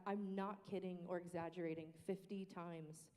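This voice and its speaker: A woman in a casual panel discussion on worship team practice, talking in an animated way and now and then singing short phrases to demonstrate. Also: lowish voice, normal speed. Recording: reverberant room.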